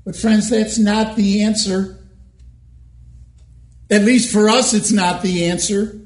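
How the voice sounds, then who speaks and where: Male pastor giving a sermon, slow emphatic delivery, lots of rhetorical questions, echoey room. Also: high-pitched.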